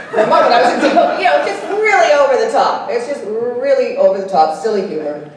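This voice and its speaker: An actress speaking at a convention panel, animated and quick to laugh as she tells stories and acts out voices. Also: fairly high pitch, a crowd in the background. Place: convention hall stage. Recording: echoey hall, distant, faint hiss.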